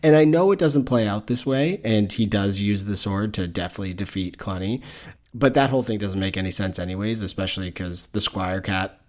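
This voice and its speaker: A man co-hosting a podcast, talking casually in a somewhat low voice. He rambles in a laid-back way and sometimes restarts his sentences. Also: brisk. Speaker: podcast co-host. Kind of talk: casual chat.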